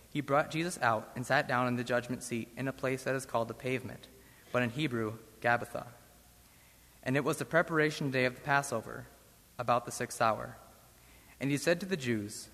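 A man reading a Bible passage aloud in church with a measured, solemn delivery. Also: mid-range voice, fairly bright tone. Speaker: scripture reader. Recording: long church reverb.

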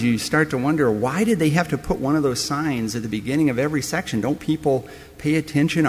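A man's voice: fairly high pitch, in a large hall. A man preaching a sermon, telling a story that speaks straight to the listener as you. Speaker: pastor.

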